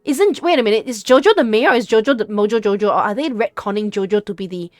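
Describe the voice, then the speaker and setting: A woman's voice: medium pitch, fast talker, darkish tone, no echo, clean studio sound, faint music behind. A woman streamer hosting a casual chat, reading a script aloud and reacting in disbelief with laughter and stumbles. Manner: incredulous, laughing, stumbling over words. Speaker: streamer and host. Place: home streaming setup.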